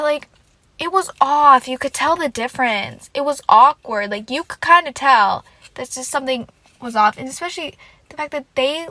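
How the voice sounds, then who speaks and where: A woman's voice: on the high side, dry recording. A woman hosting a casual solo podcast, rambling and venting with lots of "like" and frequent swearing. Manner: animated and emotional fan venting. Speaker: podcast host.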